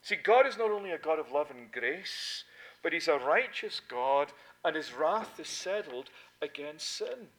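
A man preaching a sermon, dropping to hushed asides and then rising to loud, emphatic proclamation, repeating key points for emphasis. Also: on the high side, very animated, unhurried, rough recording.

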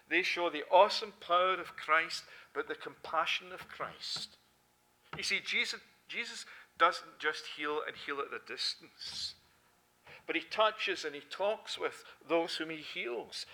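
A man preaching a sermon with a lilt, swinging between loud, fervent emphasis and soft, hushed passages. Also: on the high side. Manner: impassioned, rising to loud emphasis then dropping to soft quiet.

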